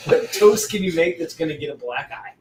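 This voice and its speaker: A man's voice: fairly high pitch, animated, fairly quick. A man co-hosting a whiskey tasting, chatting casually and telling jokes through laughter. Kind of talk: casual chat. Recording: echoey room with loud noise.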